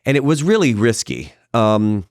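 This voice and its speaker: A middle-aged male actor guesting on a podcast, telling stories in a lively, casual way and acting out what other people said. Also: on the low side, moderate pace, dry recording, clean studio sound. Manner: animated storyteller who acts out quoted voices. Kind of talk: casual anecdotal storytelling. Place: podcast studio.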